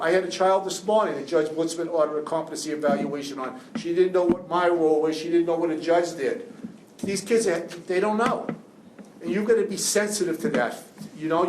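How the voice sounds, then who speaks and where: A man's voice: fairly high pitch, far from the mic. A middle-aged man, a defense lawyer speaking to law students, emotional and rambling with many restarts. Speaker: juvenile defense attorney, guest speaker. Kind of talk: classroom talk to law students. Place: classroom. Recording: echoey classroom with faint hiss.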